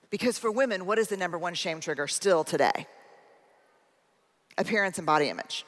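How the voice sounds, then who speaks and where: A woman's voice: fairly low pitch, brisk. A woman giving a keynote talk, telling a personal story and acting out both sides of a conversation. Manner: animated storyteller acting out dialogue. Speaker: speaker. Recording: long hall reverb.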